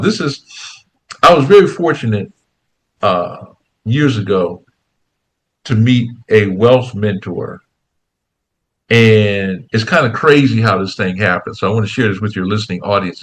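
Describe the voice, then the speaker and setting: Animated man telling a story. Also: fairly low pitch. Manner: animated storyteller, acts out quoted dialogue. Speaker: guest, investing program founder. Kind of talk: casual storytelling interview.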